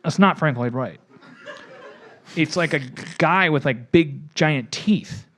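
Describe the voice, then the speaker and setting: A man telling a long improvised joke on a comedy podcast, halting, breaking off and laughing as he goes. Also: a little high, a bit bright. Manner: halting, self-interrupting, laughing.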